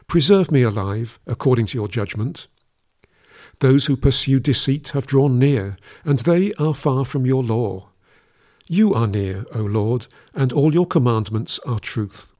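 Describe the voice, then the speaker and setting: In a steady, even cadence, a scripture reader delivers a solemn passage. His voice sinks lower whenever he speaks to the Lord.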